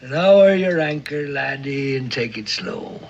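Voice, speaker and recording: An actor playing a gruff, crafty old sea captain who talks in booming, theatrical sailor slang, in a 1960s television drama. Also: male voice, animated, unhurried. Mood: scheming. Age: older. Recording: dull old TV soundtrack with music.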